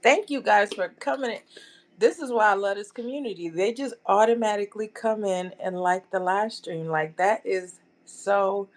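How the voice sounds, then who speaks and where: A woman's voice: mid-range voice, moderate pace. A woman hosting a casual live stream, chatting loosely and calling her viewers y'all.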